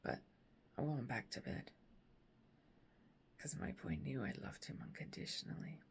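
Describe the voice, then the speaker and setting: A grieving mother sharing a late-night faith reflection at home, speaking softly and often in a whisper, with halting phrases. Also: a bass voice, very animated, vocal fry, slight background noise.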